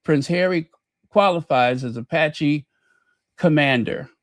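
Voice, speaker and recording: A man's voice: fairly high pitch, slow, no room sound, studio quality. A man hosting his own podcast, talking in a folksy, chatty way and telling stories. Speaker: podcast host. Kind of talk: casual commentary.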